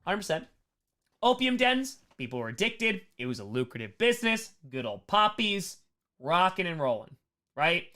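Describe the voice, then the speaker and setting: A young man teaching a live-streamed history lesson, animated and jokey, tossing in sarcastic asides and quick mock dialogue while answering chat. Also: high-pitched.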